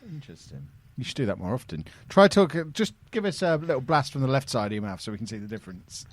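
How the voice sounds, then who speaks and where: A man's voice: medium pitch, big pitch swings, quick pace, no echo. A man hosting a casual podcast chat, full of teasing banter with his co-hosts. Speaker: podcast host.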